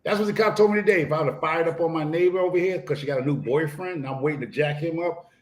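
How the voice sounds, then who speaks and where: A man's voice: fairly high pitch, rapid-fire. Blunt swearing man in a roomy echo. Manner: blunt and emphatic, swears freely. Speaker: guest. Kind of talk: casual live-stream chat.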